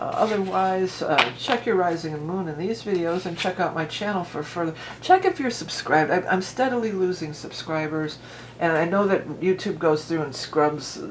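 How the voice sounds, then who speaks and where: A woman's voice: sits low, slight background noise. A woman giving a casual tarot reading at home. She talks in a chatty, rambling way and often wanders into asides. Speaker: tarot reader. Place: at home with a dog nearby.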